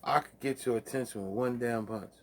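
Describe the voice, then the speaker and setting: A man's voice: mid-range voice, steady tone, brisk. A man hosting a casual late-night monologue, with loose, profane, preachy street talk, laughing at his own jokes. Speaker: livestream host.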